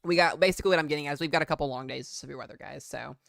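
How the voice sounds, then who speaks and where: A man's voice: on the high side, rapid-fire, vocal fry, a bit bright, no echo, studio quality. A man streaming live weather commentary in a casual, rambling and jokey way, with filler words.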